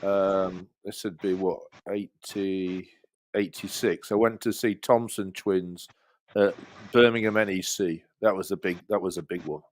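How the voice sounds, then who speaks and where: A man's voice: low-pitched, steady tone, a little slow. A man in his fifties from England, a guest telling rambling stories in a casual chat. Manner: rambling storyteller, many restarts and laughs.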